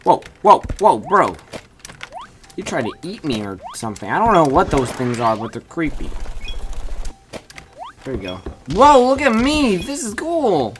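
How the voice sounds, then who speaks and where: Excitable low-voiced woman gaming. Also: unhurried, long pauses, faint music behind. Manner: excitable, with sudden yelps and chatter at the game. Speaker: gaming channel host. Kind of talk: gameplay commentary. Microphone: USB desk microphone.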